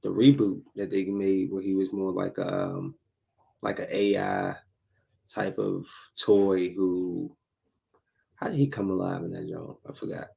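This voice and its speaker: A man's voice: deep voice, animated, a little slow, gravelly, dark tone. A man hosting a casual solo podcast, talking bluntly and loosely, repeating himself and using slang. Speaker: podcast host.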